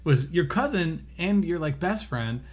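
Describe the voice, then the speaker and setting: A man co-hosting a relaxed podcast, walking through an episode scene by scene. He drops into the characters' lines as he goes, keeping the chat loose and lively. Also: on the high side. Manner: animated, acts out characters' lines in quick asides. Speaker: podcast co-host. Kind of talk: casual chat recapping a TV episode.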